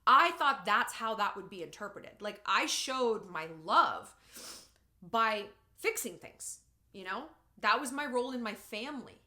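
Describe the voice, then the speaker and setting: A woman talks straight to camera with a bright, rather high voice that swings widely in pitch. She gives relationship advice in a casual, sarcastic way. The recording has a roomy echo. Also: a little slow. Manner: animated, expressive and sarcastic. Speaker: vlogger giving relationship advice.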